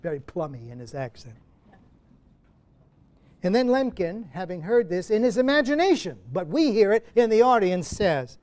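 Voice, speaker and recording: A man's voice: sits high, sing-song, moderate pace, darkish tone. A man in his seventies giving a university lecture as a guest playwright, digressive and self-interrupting, with many asides.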